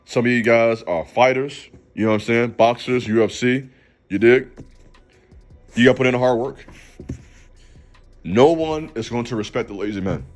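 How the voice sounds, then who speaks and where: A man's voice: medium pitch, normal speed, pauses often, faint music behind. A man hosting a faith channel, giving a motivational talk in an emphatic, preachy way and calling out to the listener directly. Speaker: channel host.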